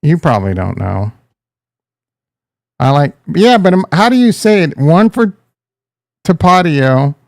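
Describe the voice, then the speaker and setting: A man's voice: on the high side, big pitch swings, measured pace, long pauses, dry recording, clean studio sound. A man hosting a casual livestream, joking and ranting, talking straight to his chat and calling viewers bro and dude. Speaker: crypto livestream host.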